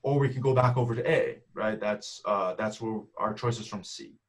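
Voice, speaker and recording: A man's voice: fairly low pitch, normal speed. A man giving a math seminar talk over a video call, explaining step by step and often checking in with "right?". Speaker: math speaker.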